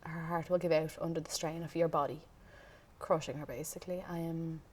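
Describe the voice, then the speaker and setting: A young Irish woman giving a documentary interview, recounting events in a measured, steady way. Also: deep voice, husky.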